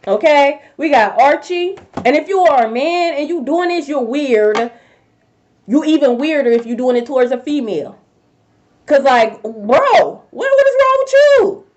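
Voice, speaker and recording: A woman's voice: high voice, darkish tone. A young woman doing a live-stream tarot reading, talking bluntly and confrontationally with a lot of cursing. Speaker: tarot reader. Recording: dull lo-fi stream audio.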